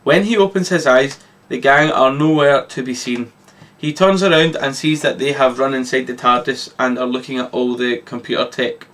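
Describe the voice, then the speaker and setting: A man reading his own story aloud, with lively narration and occasional slips. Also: mid-range voice, moderate pace, hardly any pauses.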